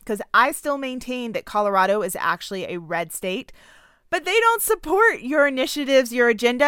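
A woman's voice: fairly high pitch, bright, forceful tone, clean tone, no echo, studio quality. Sarcastic Southern woman commentator. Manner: sarcastic and punchy. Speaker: political commentator. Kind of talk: opinion commentary.

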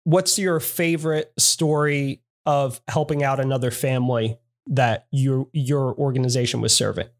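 A man's voice: mid-range voice, fairly even intonation, moderate pace, few pauses. A man hosting a podcast, asking questions in a friendly, encouraging way. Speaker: podcast host. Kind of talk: podcast interview.

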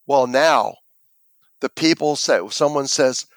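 This interview guest's voice is on the high side and slow as he relates a long personal story. He acts out the voices of the characters with animation, and the recording is free of echo.

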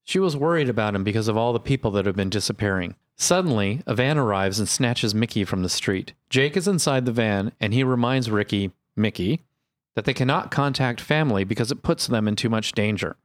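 A man's voice: lowish voice, lively intonation, no echo. An American man co-hosting a casual chat, recapping an episode and laughing often. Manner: chatty, quick to laugh. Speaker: podcast co-host.

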